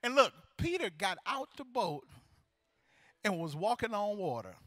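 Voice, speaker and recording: A male pastor preaching a sermon, animated and building to loud, fervent praise, acting out voices from the story. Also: high-pitched, a little slow, dry recording, studio quality.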